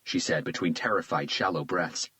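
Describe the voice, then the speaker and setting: A man reads a crime thriller aloud in a very deep, low voice. His delivery is measured and tense, steady through the action. He voices the lead detective in his own register. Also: dry recording, rough recording. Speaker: audiobook narrator. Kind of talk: scripted thriller narration.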